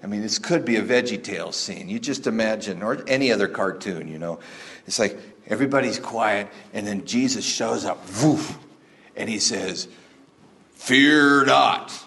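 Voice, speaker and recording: A male pastor preaching a sermon in a conversational, animated storytelling manner. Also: lowish voice, fairly quick.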